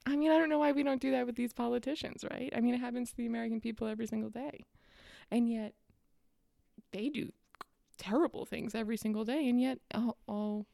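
A young woman rants with sarcastic exasperation, her voice fairly high yet mellow, with a gravelly fry running through it. The sound is close and dry, with no room around it. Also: fairly even intonation, quick pace, dry recording. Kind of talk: casual ranting monologue.

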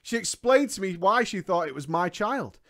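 A man's voice: sits high, very animated, normal speed, fairly bright tone. A man reading a story aloud and breaking into mocking asides, laughing often as he comments.

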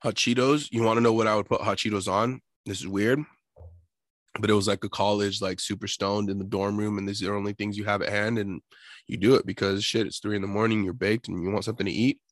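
A young adult man in casual chat, laughing often and telling stories with lively quoted voices. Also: fairly low pitch, quick pace, no echo, studio quality.

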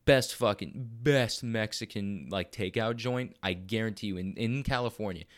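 A man's voice: lowish voice, normal speed. A young man from Arizona telling a rambling, profane story in casual podcast talk, acting out the people he quotes. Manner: profane, rambling, animated quoting of others.

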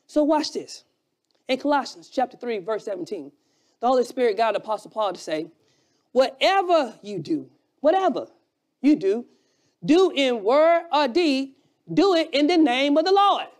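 A preacher delivering an emphatic sermon, shouting key lines and repeating phrases for effect, with quieter, quicker asides in between. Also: medium pitch. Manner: drops to a quiet, fast aside at times.

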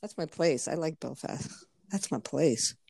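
Animated, profane American woman chatting. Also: low voice, creaky, a little hiss or hum. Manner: animated, profane, quick to act out quotes. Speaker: massage therapist. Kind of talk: casual podcast chat.

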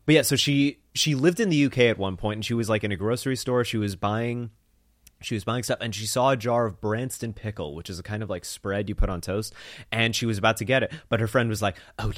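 A young man co-hosting a podcast, telling a rambling comic story with animated quoted voices. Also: on the low side, no room sound, studio quality. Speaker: podcast co-host. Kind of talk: casual comedic chat. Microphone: studio mic on a stand.

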